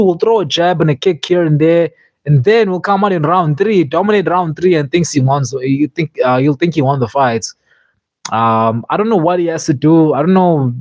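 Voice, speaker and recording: A man chatting casually on a livestream, rambling and restarting his sentences with plenty of fillers. His voice sits a little high for a man. The sound is dry and close, with no room around it. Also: darkish tone, no echo. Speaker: streamer reviewing fights.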